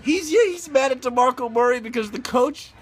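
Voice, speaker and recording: A middle-aged man ranting casually about football, animated, exclaiming and laughing as he talks. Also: very high-pitched, a little fast, soft background music. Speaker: sports betting vlogger. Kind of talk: casual sports rant.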